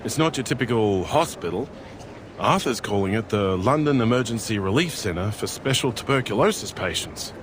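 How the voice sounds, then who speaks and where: A man's voice: on the low side, animated, normal speed, noisy background, close to an everyday voice. An actor playing a friendly, laid-back man who talks in a chummy way in a game. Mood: easygoing. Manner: easygoing, chummy. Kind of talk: game voice acting.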